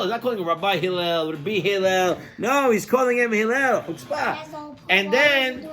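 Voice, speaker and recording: A male rabbi gives a sermon with a voice that sits high for a man. He tells stories in an animated way and goes hushed to drive each lesson home. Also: moderate pace, soft background music. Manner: animated storyteller who acts out characters.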